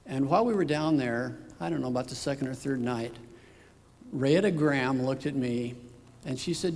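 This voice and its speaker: A man's voice: medium pitch, normal speed, darkish tone. A middle-aged man giving a personal testimony at church, telling a story and acting out remembered dialogue. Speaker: father giving a church talk. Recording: reverberant church hall.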